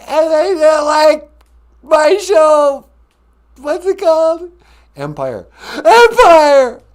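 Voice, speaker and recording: A wailing, sobbing celebrity caller. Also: male voice, very high voice, pitched above the performer's own voice, exaggerated voice. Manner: sobbing, shouting, whiny. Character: wailing panicked male celebrity caller, weepy. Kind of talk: comedic phone-in skit.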